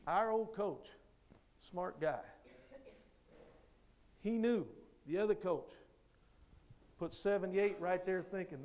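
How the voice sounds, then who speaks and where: A man giving a motivational speech, telling a story with lively delivery and acting out the other people's lines. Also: high voice, slow, pauses often. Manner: animated storyteller who acts out others' lines. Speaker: motivational speaker.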